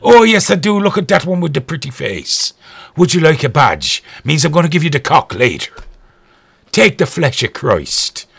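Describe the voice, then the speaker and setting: A man's voice: on the high side, big pitch swings, normal speed, vocal fry, fairly bright tone, breathy edge, voice pushed up, full character voice. A man putting on an Irish accent to voice a sleazy, predatory Irish priest in a fawning, gleeful way. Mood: leering. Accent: put-on Irish.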